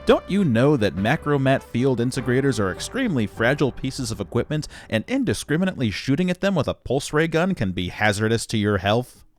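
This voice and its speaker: A man's voice: mid-range voice, sing-song, fairly quick, faint music behind, close to an everyday voice. A man voicing the sarcastic narrator of a sci-fi adventure game, mocking the player's failures in a wry tone.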